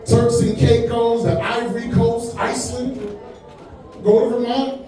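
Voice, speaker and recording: A man in his forties doing stand-up, his voice high but mellow. He talks in a laid-back, chatty way and keeps dropping "man" and "you know what I'm saying". The sound is echoey and comes from far off in a club. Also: little pitch movement, unhurried, faint music behind. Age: 40s. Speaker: stand-up comedian. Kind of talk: stand-up comedy set. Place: comedy club stage.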